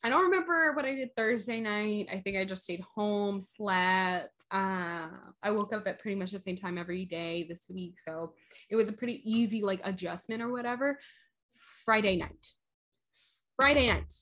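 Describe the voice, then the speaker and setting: A woman's voice: mid-range voice, normal speed, a bit bright. A young woman chatting on a podcast, a little tipsy, rambling through a story and laughing often. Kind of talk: casual chat.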